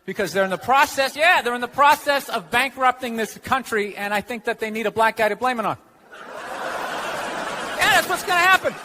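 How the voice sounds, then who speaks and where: Ranting high-voiced American stand-up man. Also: animated, fairly quick. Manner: sarcastic, ranting, swearing. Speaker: stand-up comedian. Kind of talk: stand-up comedy set. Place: comedy club stage before a laughing crowd. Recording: live club recording with crowd noise.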